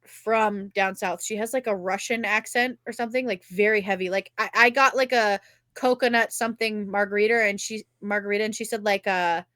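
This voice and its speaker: A young woman, co-hosting a podcast and telling a rambling, animated story in casual chat, swearing freely. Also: mid-range voice, moderate pace, no room sound. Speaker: podcast co-host.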